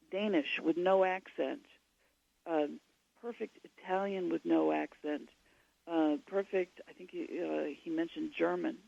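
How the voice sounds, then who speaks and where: A woman's voice: sits low, creaky, mellow, no echo, lo-fi sound. A woman, a guest author on a radio interview, giving long and digressive explanations.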